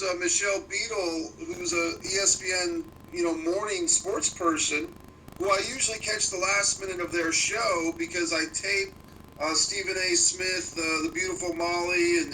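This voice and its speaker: A man's voice: on the high side, pushed and bright. A man co-hosting a casual sports chat, asking rambling questions with lots of fillers. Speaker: podcast co-host. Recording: distant mic with faint room noise.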